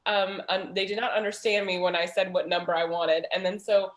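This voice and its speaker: A woman's voice: mid-range voice, little pitch movement, a little fast, reverberant. A woman in her thirties hosting a casual video chat, talking in a chatty storytelling way with lots of fillers. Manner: chatty storyteller, many "like" fillers, laughs often. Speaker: host of a small business community chat.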